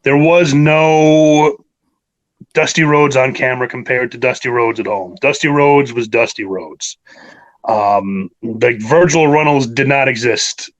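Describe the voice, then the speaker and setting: An enthusiastic man in his thirties from New York, talking through his memories in a loose, rambling way, full of fillers and restarts. His voice sits at an ordinary middle pitch for a man. He sounds like a guest chatting into a podcast mic. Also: a little slow, low-quality recording. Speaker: wrestler guest. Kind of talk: casual interview.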